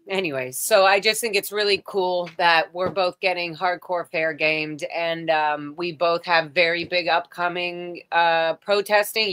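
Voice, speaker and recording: A woman's voice: lowish voice, a bit bright, clean tone. A woman hosting a casual video chat, rambling and chatty with many fillers and restarts. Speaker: livestream host. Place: home, on a video call.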